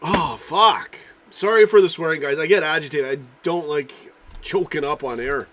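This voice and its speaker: With a fairly high pitch and a fairly bright tone, the man moves at a moderate pace through his informal football stream. Between coughs and throat-clearing, he rambles, curses, and reads viewer comments, with slight background noise audible.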